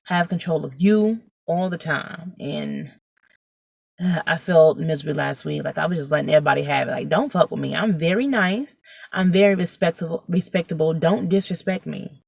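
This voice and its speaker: A woman vlogging casually from her phone, telling a story in a blunt, animated way and swearing freely. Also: low-pitched, creaky, husky, no echo. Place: outdoors, arriving at a building.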